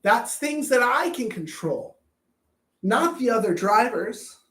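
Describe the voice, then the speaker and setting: A man's voice: extremely high pitch, sing-song, takes it slowly, fairly bright tone. A man coaching anger management in a blunt, profane self-help talk, often repeating words as he thinks. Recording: roomy echo.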